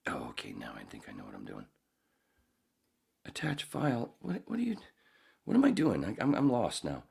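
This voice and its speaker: Podcast host, male, very low gravelly voice, lively and loose, swears a lot. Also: normal speed. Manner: joking, swears freely, rambling. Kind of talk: casual podcast chat.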